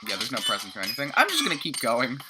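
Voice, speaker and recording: Low-voiced young woman, chatty game commentary. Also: wildly swooping pitch, racing, heavy background noise. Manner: chatty, self-mocking, stumbles over words. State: tired, just woke up. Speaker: let's play commentator. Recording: game music playing under voice. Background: game music.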